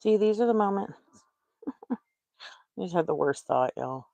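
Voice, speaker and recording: A Texan woman hosts a casual crochet livestream, talking to herself and muttering in exasperation as she works. Her medium-pitched voice is warm, expressive and a little slow. The recording is echo-free, with the highs cut off.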